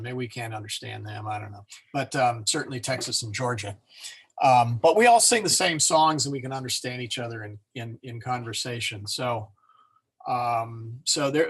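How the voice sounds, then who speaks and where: Chatty man teaching a language class. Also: mid-range voice. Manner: relaxed and chatty, many fillers and self-corrections, joking asides; sounds words out slowly to model them. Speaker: Latin teacher. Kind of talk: informal classroom lesson.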